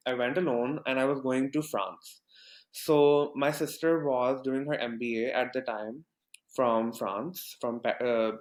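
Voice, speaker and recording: In a roomy-sounding recording, a young Pakistani man with a medium-pitched voice relates a story on a podcast. He wanders as he talks, restarting often and using lots of filler words.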